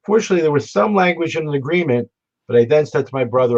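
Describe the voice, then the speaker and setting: A man telling stories in memory of his late brother at a remembrance gathering, speaking in a halting, reflective way with frequent restarts. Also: a little high, lively intonation, a little mellow, muffled recording. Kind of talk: storytelling remembrance. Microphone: remote broadcast.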